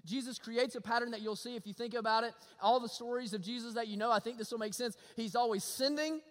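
A pastor preaching a sermon, folksy and animated, with humor and repetition. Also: male voice, extremely high pitch, fast. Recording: long hall reverb.

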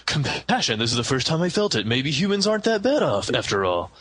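A man's voice: mid-range voice, big pitch swings, a little fast, fairly bright tone, no echo. A man voicing a smug, lofty male psychic creature in a mock-solemn tone, in casual chat.

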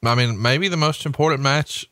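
A man's voice: medium pitch, moderate pace, bright, forceful tone, no room sound, studio quality. A man hosting a casual podcast, enthusiastic and full of "like" and "I mean". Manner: enthusiastic, listing things, filler "like".

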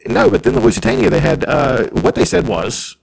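Quick gravelly dude rambling about history on a podcast, kinda high, all over the place. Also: male voice, big pitch swings, a little mellow, slight background noise, low-quality recording. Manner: rambling, profane, telling history tangents. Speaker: podcast co-host. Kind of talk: casual crude banter.

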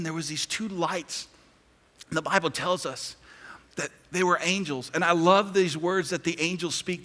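Male pastor, bright and slightly high voice, animated sermon delivery with hushed and loud swings, long church-hall reverb.

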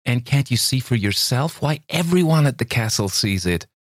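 A man with a low voice playing an eager young American woman who pleads her love in a raised, emotional voice. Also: lively intonation, normal speed, no room sound, studio quality, close to an everyday voice. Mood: pleading. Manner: breathless, imploring, emotional.

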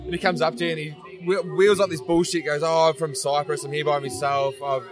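Rambling, slightly high-voiced man. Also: fairly even intonation, brisk. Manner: rambling, swears freely. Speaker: guest. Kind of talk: casual storytelling.

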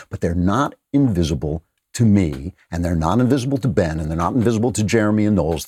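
Talk show host, male, lower register, sarcastic to emphatic, bone-dry studio mic. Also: breathy edge, no room sound. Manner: mocking, laughing, then forceful and emphatic. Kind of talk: sarcastic political commentary.

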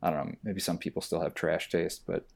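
Low-pitched, brisk and gravelly, a man who acts chats casually on a podcast. He brings stories to life, acting out exchanges in mocking voices.

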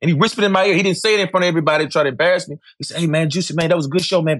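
A man's voice: a little high, rapid-fire, a bit bright, breathy edge, dry recording, studio quality. A middle-aged man, speaking candidly as an interview guest, emphatic and repetitive, swearing freely.

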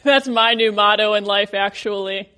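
A woman's voice: mid-range voice, moderate pace, pushed and bright, clean tone. Playful woman podcast co-host. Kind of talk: casual chat.

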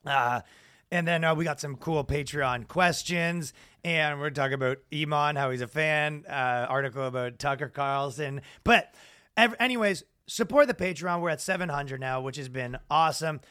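A man's voice: fairly high pitch, normal speed, clean tone, no echo, clean studio sound. A man in his thirties co-hosting a podcast in casual, rambling, profane chat. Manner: rambling, profane, animated with loud impressions. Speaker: podcast co-host.

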